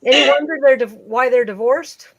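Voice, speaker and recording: A woman's voice: sits high, normal speed, low-quality recording. A middle-aged woman hosting a livestream, chatting casually and telling bawdy stories with frequent laughter. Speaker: livestream host. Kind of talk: casual joke-telling chat.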